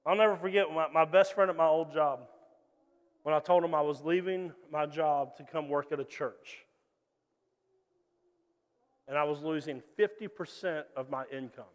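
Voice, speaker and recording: Male pastor, higher register, lively storyteller sermon, hall echo. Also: moderate pace, pauses often. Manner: animated storytelling with acted-out voices.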